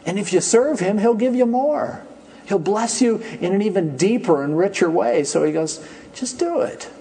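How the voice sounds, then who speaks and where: Brief: pastor, conversational sermon, fairly high voice, lively delivery. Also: male voice, moderate pace, vocal fry. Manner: conversational, animated storytelling.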